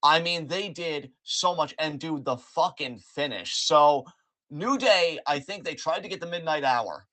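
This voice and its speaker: A man hosting a podcast, recapping events in an animated, joking way with plenty of swearing. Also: fairly high pitch, unhurried, no echo. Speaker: podcast host. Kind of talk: casual wrestling recap chat.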